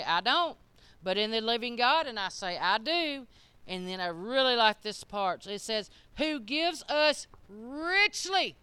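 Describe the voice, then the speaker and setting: A middle-aged woman delivers a sermon from a church pulpit in a high, bright voice. She is emphatic, swinging from quiet asides to shouted peaks, and her tone stays smooth and clear. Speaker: preacher.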